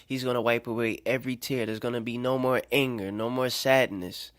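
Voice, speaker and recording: A man giving an informal sermon to listeners, conversational and checking in with them, swinging between rising emphatic stretches and soft, quiet ones. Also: mid-range voice, steady tone, a little fast. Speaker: self-made preacher. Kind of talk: informal preaching monologue.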